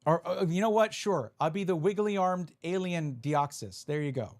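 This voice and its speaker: A man's voice: on the high side, moderate pace, a little mellow. A man live-streaming, chatting casually and reading out viewer messages as he opens card packs. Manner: chatty, reads chat aloud, restarts often.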